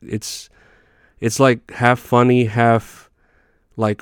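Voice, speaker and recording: A man's voice: medium pitch, level tone, slow pace, pauses often, smooth, dry recording, studio quality. A young man hosting a podcast, rambling through a profane comedic rant with lots of fillers and restarts. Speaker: podcast host.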